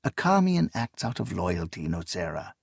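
A man voicing a serious old male teacher who speaks quietly and measuredly. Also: sits low, big pitch swings, moderate pace, vocal fry, slightly rough, no echo, studio quality, full character voice. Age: older.

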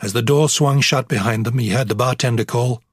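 Husky male narrator for a novel; steady, measured reading. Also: medium pitch, no echo, clean studio sound. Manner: measured, even storytelling. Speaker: audiobook narrator. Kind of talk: scripted narration.

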